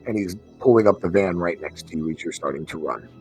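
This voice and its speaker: Brief: low-voiced male game master, slow vivid narration, soft music in the background. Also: breathy edge. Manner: slow descriptive narration with fillers.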